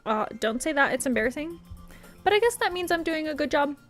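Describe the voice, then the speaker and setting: A woman voicing a bubbly, clumsy, cheerful teenage girl in a visual novel, high and sing-song. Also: very animated, fairly quick, fairly bright tone, faint music behind. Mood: excited. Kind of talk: visual novel read-aloud.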